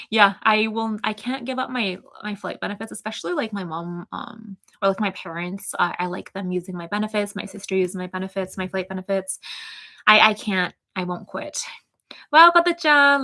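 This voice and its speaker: A woman's voice: mid-range voice, normal speed, bright, forceful tone. A young woman with a Toronto accent, chatting casually on a live stream, reading out her chat and rambling with lots of fillers and little giggles.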